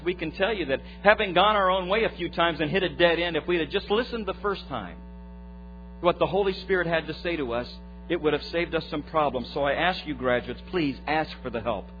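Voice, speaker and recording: A man preaching as a pastor, giving a short devotional in an earnest way that grows lively when he retells a story. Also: a little high. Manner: earnest preaching that turns lively and loud in retold stories. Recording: dull lo-fi recording with faint mains hum.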